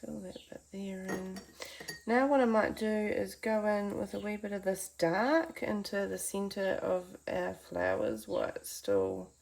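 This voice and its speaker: A woman's voice: mid-range voice, expressive, unhurried, gravelly, darkish tone. A woman giving a chatty, encouraging painting tutorial from her home art studio, talking to viewers as friends. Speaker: art teacher.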